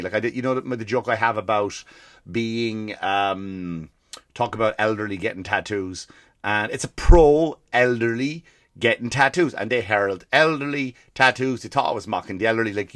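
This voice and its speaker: A man's voice: medium pitch, fairly bright tone, dry recording, studio quality. A middle-aged man, hosting a comedy podcast, ranting in a profane, self-interrupting way. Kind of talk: comedic rant.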